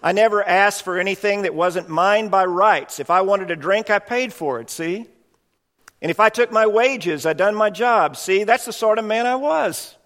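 A preacher putting on an indignant self-righteous ghost. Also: male voice, high-pitched, normal speed, fairly bright tone, voice pushed up. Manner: insistent, repeats "see?". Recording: long reverb in a hall.

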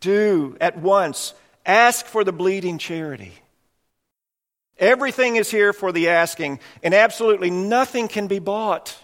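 A man voicing a patient, gentle heavenly figure who reasons calmly with a ghost. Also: high-pitched, unhurried. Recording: long reverb in a hall.

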